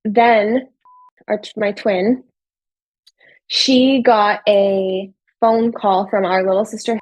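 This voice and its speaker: A woman's voice: medium pitch, steady tone, takes it slowly, no echo, low-quality recording. A woman telling her story as an interview guest, talking casually with lots of "like" and acting out what people said. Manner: chatty, fills with "like", acts out quoted dialogue.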